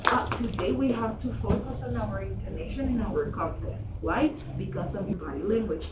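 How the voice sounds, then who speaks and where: A woman teaching English, energetic and encouraging, drilling phrases with her class. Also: medium pitch, brisk, distant mic. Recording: roomy, phone-like classroom recording with noise.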